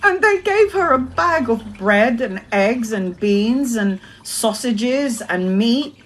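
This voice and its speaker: A woman's voice: a little high, lively intonation, slow pace. A woman tarot reader chatting casually to live stream viewers, laughing often and swearing freely.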